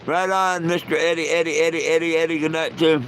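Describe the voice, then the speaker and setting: A man's voice: a little high, level tone, brisk, fairly bright tone, slight background noise, low-quality recording. A man hosting a live stream, telling jokes in a folksy, rambling way with lots of "you know". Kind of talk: casual joke telling.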